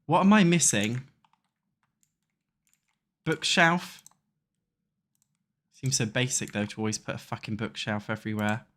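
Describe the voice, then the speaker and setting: A man's voice: mid-range voice, expressive, a little slow, pauses often, fairly bright tone. A young British man talks casually over his gameplay and thinks aloud as he builds. He rambles, swears freely and chats loosely with his viewers. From England. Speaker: gaming YouTuber. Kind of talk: casual chat while playing a building game.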